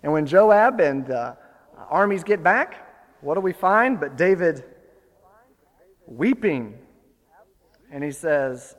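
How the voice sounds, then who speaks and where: A man preaching a sermon, retelling a story with lively, building emphasis. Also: on the high side, takes it slowly, long pauses, in a large hall. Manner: storytelling, animated, rising to forceful emphasis.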